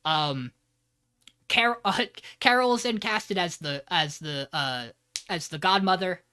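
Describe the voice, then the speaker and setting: A man's voice: sits high, slow pace, pushed and bright, smooth. A man co-hosting a podcast, giving a loose, joking plot recap and swearing freely. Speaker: podcast co-host.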